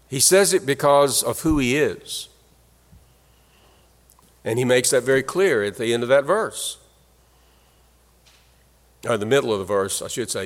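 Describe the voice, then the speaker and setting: Slow, earnest preacher in a reverberant hall. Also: male voice, mid-range voice. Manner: earnest, emphatic preaching with slow stressed phrases. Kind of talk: sermon.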